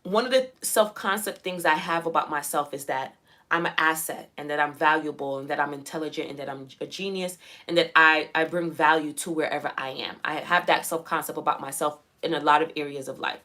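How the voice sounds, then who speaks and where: Bright-voiced emphatic young woman vlogger. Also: sits low, brisk. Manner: emphatic, repeats phrases, quotes her own thoughts. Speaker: self-development vlogger. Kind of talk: casual motivational talk to camera.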